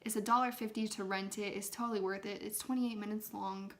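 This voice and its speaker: Briskly and in a slightly bright, medium-pitched voice with fairly even intonation, a young woman recaps a film for her viewers. As an ASMR creator, she keeps things loose and chatty, peppering her speech with "like" and sometimes whispering.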